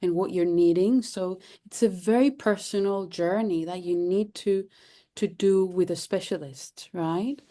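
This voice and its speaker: Woman, from Cyprus, therapist guest, mellow, lowish voice, thoughtful. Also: measured pace. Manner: thoughtful, repeating phrases, frequent fillers. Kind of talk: interview conversation.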